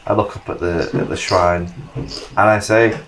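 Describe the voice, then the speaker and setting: A man playing a tabletop game, speaking slowly and animatedly in character with loud theatrical outbursts. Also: fairly low pitch, noisy background. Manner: slow and animated, bursting into loud theatrical cries. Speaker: player. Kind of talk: tabletop role-play.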